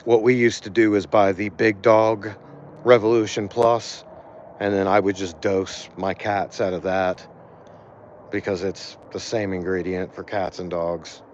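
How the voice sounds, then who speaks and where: A weary man with a low voice talks slowly and haltingly through a casual livestream, stumbling over his words and leaning on fillers. He is outdoors by a cat shelter. The phone audio is dull and lo-fi, with faint noise behind him. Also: flat delivery, darkish tone. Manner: halting, many fillers and restarts. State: tired. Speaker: animal rescue volunteer.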